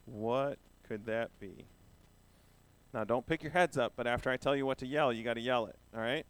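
A man speaks to a group of children in a playful, questioning way. He is giving a children's sermon at a middle pitch. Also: quick pace, smooth. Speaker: pastor giving a children's message.

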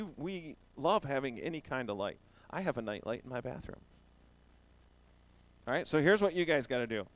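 A man's voice: fairly high pitch, no room sound. A man giving a children's sermon, playful and asking the children questions as he talks. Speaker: pastor giving a children's message.

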